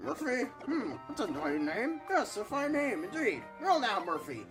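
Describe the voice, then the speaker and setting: A woman voicing a rambling, senile old male turtle mayor in a video game, loud and exclaiming. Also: a little high, big pitch swings, moderate pace. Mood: cheerful. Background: game music.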